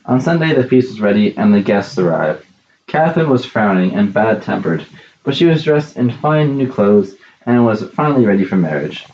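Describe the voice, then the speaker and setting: A man narrating a classic story in a measured, plain reading. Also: fairly low pitch, big pitch swings, darkish tone, echoey room, muffled recording.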